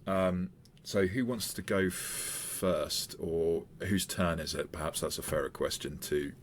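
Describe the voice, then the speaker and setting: A male game master with a very low voice narrates a tabletop game in a halting way, pausing and restarting as he goes. A faint hiss sits under the recording. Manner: halting, with many fillers and restarts.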